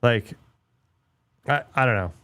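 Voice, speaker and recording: A man's voice: medium pitch, slow pace, a bit bright, no echo. A middle-aged man hosting a livestream, ranting bluntly in casual chat with lots of swearing and filler words. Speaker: livestream host.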